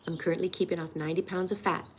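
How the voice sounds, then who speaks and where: A woman's voice: lowish voice, little pitch movement, racing, a little hiss or hum. A woman in her sixties, a weight loss coach, talking earnestly and emotionally in a personal vlog, encouraging her viewers. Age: 60s.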